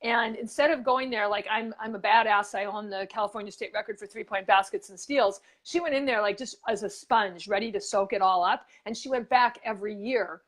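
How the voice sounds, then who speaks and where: A woman's voice: mid-range voice, fairly quick, hardly any pauses, a bit bright. A woman co-hosting a motivational show, telling stories in a chatty way with lots of fillers and restarts. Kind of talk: casual motivational chat.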